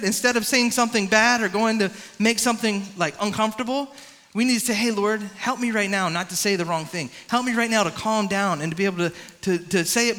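Man as youth pastor, high and bright, interactive coaching delivery, reverberant hall. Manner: energetic, interactive, coaching and calling on the crowd. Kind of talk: youth sermon with a live swimming demonstration.

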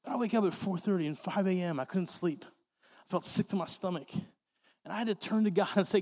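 A man's voice: high voice, a little fast, long reverb tail. A young man preaching a sermon, earnest and repetitive, often restarting his phrases. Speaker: pastor.

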